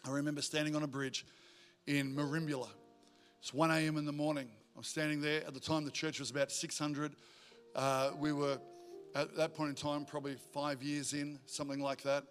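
Male pastor, joking energetic sermon, higher voice, church auditorium. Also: brisk, faint music behind. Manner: joking, energetic preaching to a congregation.

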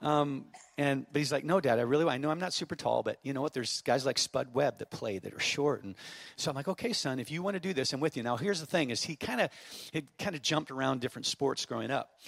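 A man in his fifties, a pastor preaching a sermon, telling a story and then building to fervent shouted exhortation. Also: medium pitch, animated, fast talker, gravelly, no echo. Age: 50s. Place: church auditorium.

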